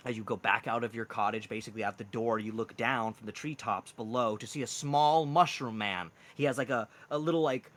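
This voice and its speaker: A man's voice: mid-range voice, brisk, hardly any pauses, fairly bright tone. A man narrating a tabletop role-playing game as game master in a casual, rambling way. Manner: casual, lots of "like" and "kind of".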